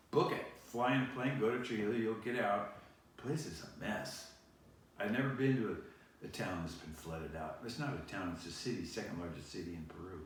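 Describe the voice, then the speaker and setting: A show host in a studio tells long, rambling anecdotes to camera, correcting himself as he goes. His voice sits on the low side, and the echoey room, distant pickup, and slight background noise color the recording.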